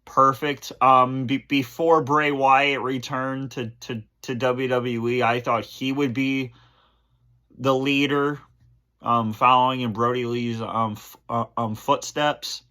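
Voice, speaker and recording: A man hosting his channel, answering fan questions on camera in a halting, emotional way, full of fillers and restarts. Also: medium pitch, flat delivery, sharp tone. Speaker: channel host.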